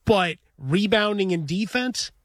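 A man's voice: sits high, expressive, measured pace, a bit bright, no echo. A man co-hosting a sports radio show from a studio, talking in a wry, opinionated way full of idioms. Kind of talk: casual radio banter.

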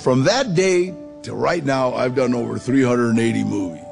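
A middle-aged man with a gravelly voice telling his life story in a street-casual, gritty way. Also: medium pitch, normal speed, over music. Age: 40s or older. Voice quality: gravelly, husky. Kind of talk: storytelling testimony.

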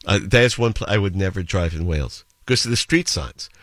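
A man's voice: deep voice, expressive, a little fast, a bit bright, dry recording. A man in his seventies hosting a radio show, chatting with listeners and telling stories with playful accent imitations. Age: 70s. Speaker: radio host. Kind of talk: radio show chat with listener shout-outs and anecdotes.

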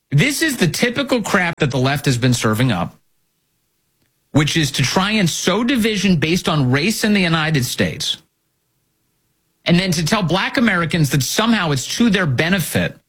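A man hosting a commentary show, his voice slightly husky and higher than most. He swings his pitch widely as he hammers home indignant rhetorical questions. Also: a bit bright. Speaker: political commentary host. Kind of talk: opinionated commentary.

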